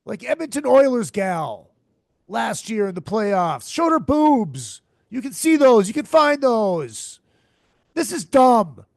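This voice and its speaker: A man hosts a podcast and rants crudely, swearing and circling back to the same complaints over and over. His voice is gravelly and fairly high, and his pitch swings widely. It sounds dry and close. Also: animated, slow pace, no room sound. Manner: profane, exasperated, repeats himself. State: tired and hungover. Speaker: podcast host. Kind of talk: crude comedic rant.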